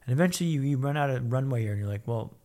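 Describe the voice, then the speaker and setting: A man's voice: medium pitch, lively intonation, racing, mellow. A man telling his own story as a podcast guest, blunt and upbeat, swearing freely. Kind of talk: casual candid storytelling.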